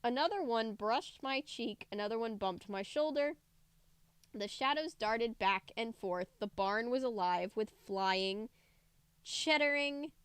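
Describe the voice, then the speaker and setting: A woman's voice: mid-range voice, clear, resonant tone, no echo. A woman reading a book aloud on a livestream, breaking off for chatty, joking asides. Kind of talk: casual read-aloud livestream.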